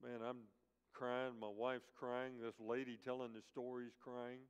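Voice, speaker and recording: A man's voice: medium pitch, flat delivery, measured pace, smooth. Man preaching a sermon in a reverberant hall. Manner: emphatic, repetitive storytelling. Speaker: guest preacher. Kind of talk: sermon with storytelling. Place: church sanctuary. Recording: dull church-hall recording with long reverb.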